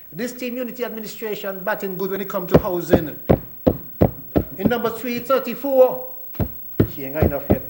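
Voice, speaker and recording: High-voiced Kittitian man in parliament. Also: heavy background noise. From Saint Kitts and Nevis. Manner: folksy, teasing, joking with colleagues. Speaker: government minister. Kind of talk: parliamentary budget speech. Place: parliament chamber. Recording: roomy echoing chamber.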